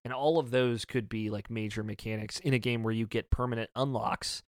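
A man's voice: medium pitch, fairly even intonation, brisk, no echo, clean studio sound. A man reviewing a video game in a casual discussion, talking eagerly and rambling with lots of fillers. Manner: enthusiastic, rambling with many fillers.

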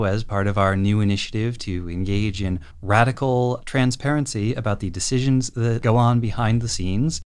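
Male podcast co-host, lowish voice, wry dry delivery. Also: clean tone. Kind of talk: casual podcast discussion.

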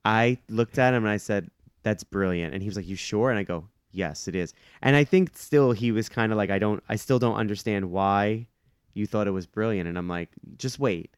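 A man with a lowish, smooth, resonant voice chatting on a podcast. He tells a filmmaking story, quotes people and laughs often. The sound is dry and close. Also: a little fast, no room sound. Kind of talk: casual chat.

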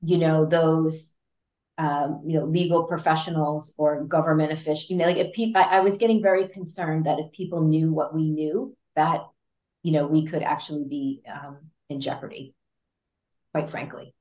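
A woman guest in an interview, telling a story in a lively way with frequent laughs, fillers and restarts. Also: sits low, moderate pace. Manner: animated, laughs often, many fillers and restarts. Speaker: interview guest, patient advocate. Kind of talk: conversational storytelling. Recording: roomy echo.

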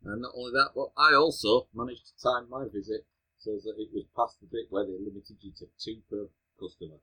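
Raspy, bright co-host. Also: male voice, lowish voice, fairly even intonation, a little fast, low-quality recording. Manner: wry, mock-archaic banter. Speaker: podcast co-host. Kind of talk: casual podcast chat.

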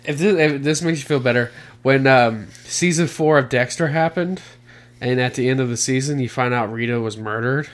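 A man's voice: mid-range voice, normal speed. Casual, profane podcast host, man. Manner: loose, profane, laughing banter. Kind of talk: casual chat.

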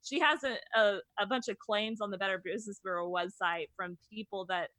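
A woman's voice: mid-range voice, brisk, no echo. A young woman co-hosting a podcast, casually and bluntly gossiping. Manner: gossipy, blunt, animated storytelling. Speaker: podcast co-host. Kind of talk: casual chat.

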